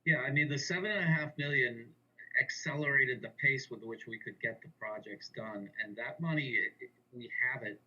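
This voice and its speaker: Husky bright-voiced man explaining finances. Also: mid-range voice, muffled recording. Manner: matter-of-fact explaining. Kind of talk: virtual public meeting.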